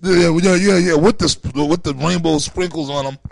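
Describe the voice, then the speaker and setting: A man in a casual scripture discussion, animated and joking as he reads verses. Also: on the high side, normal speed, vocal fry, poor audio. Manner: animated, joking, mocking imitations.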